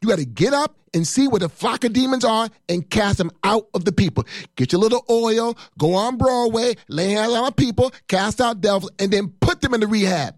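Fiery high-voiced preacher man in his fifties. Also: moderate pace, no echo, clean studio sound. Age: 50s. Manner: fiery, emphatic preaching with repetition. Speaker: pastor. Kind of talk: sermon.

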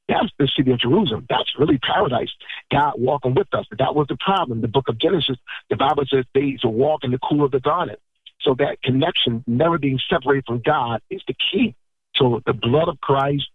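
Husky-voiced man preaching over a phone line. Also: medium pitch, no echo. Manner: conversational, repeats words and greets listeners by name. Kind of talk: sermon.

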